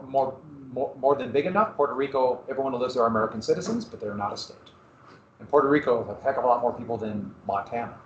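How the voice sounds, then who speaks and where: A man teaching history to a class, his voice raised a little higher than most men's. He keeps quizzing the students and then supplies the answers himself. The recording catches him from across an echoey classroom. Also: a bit bright, dull audio, a little hiss or hum. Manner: asks the class questions and answers them himself. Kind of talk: classroom lecture. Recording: roomy classroom recording from far off.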